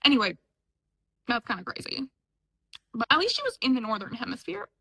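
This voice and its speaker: A woman's voice: fairly high pitch, big pitch swings, fairly quick, creaky, bright, forceful tone, slightly rough, low-quality recording. A young woman from upstate New York, chatting casually and sarcastically as she reacts to clips, often laughing. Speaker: reaction vlogger. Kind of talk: casual chat.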